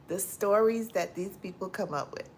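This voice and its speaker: A woman hosting a casual livestream, greeting viewers by name and reading their comments aloud, laughing loudly and often and repeating her phrases. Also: mid-range voice, slight background noise. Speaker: livestream host.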